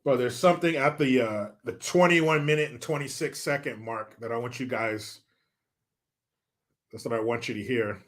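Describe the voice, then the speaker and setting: A man's voice: medium pitch, moderate pace, a bit bright. A man hosting casual, profane commentary, sarcastic with muttered crude asides. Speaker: commentary host.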